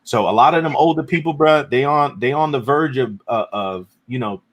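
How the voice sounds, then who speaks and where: A man hosting a live stream, ranting loudly and profanely in casual talk, with sudden shouts. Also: mid-range voice, normal speed. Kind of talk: heated casual rant.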